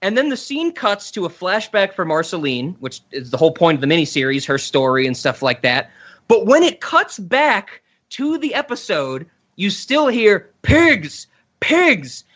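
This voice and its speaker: A man's voice: fairly high pitch, very animated, brisk. Rambling male podcast host, dull audio. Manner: rambling, enthusiastic retelling. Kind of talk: casual podcast chat. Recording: dull lo-fi sound.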